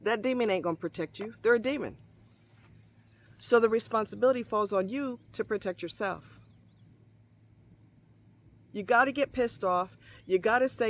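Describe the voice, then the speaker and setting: A woman's voice: on the high side, moderate pace, long pauses. A middle-aged woman vlogging outdoors, venting bluntly with heavy swearing and emphatic repetition. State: sweating in the heat. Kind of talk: outdoor vlog rant. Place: outdoors in hot muggy nature.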